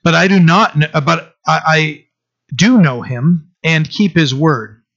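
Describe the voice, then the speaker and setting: A man gives a verse-by-verse Bible teaching, reading scripture aloud slowly and then explaining it casually with many restarts. His voice sits a little high and sounds bright and forceful. The recording is dull and lo-fi. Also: animated, gravelly.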